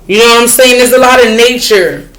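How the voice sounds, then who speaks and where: A woman's voice: fairly high pitch, a little fast, a bit bright. A woman tarot reader in casual spiritual talk to her viewers, frank and chatty, swearing freely and often asking if you follow her. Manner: chatty, frank, swears freely, asks "you know what I'm saying?".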